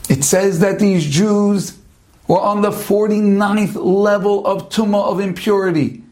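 A man's voice: sits high, fairly even intonation, darkish tone. A man giving a Torah lesson in a sermon style, asking rhetorical questions and mixing Hebrew terms into his English. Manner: rhetorical questions, drawn-out emphatic pauses. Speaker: rabbi giving a Torah talk.

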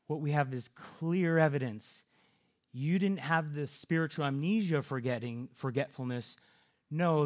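A man preaching a sermon, earnest, often repeating and restarting words. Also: mid-range voice.

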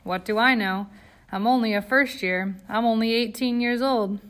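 A woman's voice: on the high side, steady tone, moderate pace, fairly bright tone, lightly acted. A woman reading aloud and voicing a young man who is a first-year law student, hesitant and unsure of himself.

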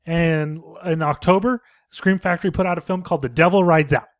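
A man hosting a casual podcast from home, retelling a film in a rambling, profane, animated way. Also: on the high side, brisk. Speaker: podcast host.

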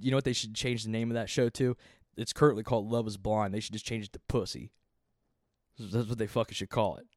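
A man's voice: fairly low pitch, no echo, clean studio sound. A man in his thirties ranting casually and profanely as a podcast host, rambling and exasperated. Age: 30s.

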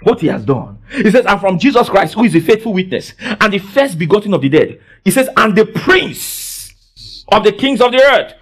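Man, preacher, very high voice, lively swooping pitch, church sermon, call-and-response. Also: normal speed. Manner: fervent, bursts into shouts, quizzes the congregation. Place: church service.

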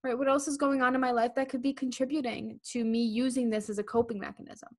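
A young woman with a somewhat high voice co-hosts a podcast in loose, casual chat. She keeps slipping into playful quoted voices as she acts out what people tell themselves. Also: flat delivery, fast talker, darkish tone. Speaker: podcast co-host.

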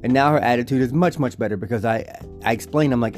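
A man's voice: medium pitch, fast. Man, casual family vlog chat, from Georgia, easygoing, faint background music. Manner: relaxed, rambling, with restarts. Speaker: family vlogger, father.

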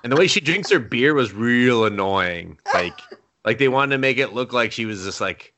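A man's voice: mid-range voice, lively intonation, moderate pace, pushed and bright. A man co-hosting a podcast, casually recapping an anime with loose, profane retellings and acted-out character lines. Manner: laid-back, swears freely, acts out characters' lines mid-recap. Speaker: podcast co-host.

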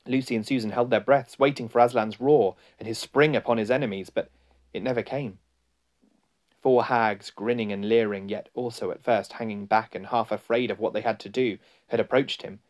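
A man reading a storybook aloud in a slow, deliberate and dramatic narration. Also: medium pitch, fairly even intonation, darkish tone. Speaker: audiobook narrator.

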